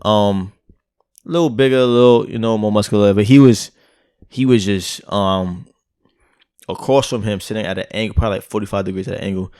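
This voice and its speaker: A man's voice: lowish voice, fairly even intonation, brisk, darkish tone, clean tone, dry recording, clean studio sound. Laid-back New man telling a story. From Brooklyn, New York. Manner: loose, rambling anecdote full of "like" and "right?". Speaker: podcast co-host. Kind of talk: casual storytelling chat.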